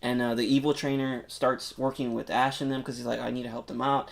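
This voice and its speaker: A man on a podcast excitedly retelling a movie plot in casual, rambling chat, full of filler words and swearing. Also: mid-range voice, fairly quick, vocal fry. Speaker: podcast co-host.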